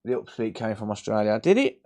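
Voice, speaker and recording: A man's voice: lowish voice, big pitch swings, a little fast, mellow, slight background noise. Sweary man ranting at workbench. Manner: blunt, sweary, joking ranting. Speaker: streamer repairing consoles live. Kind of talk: casual live-stream chat. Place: repair workbench.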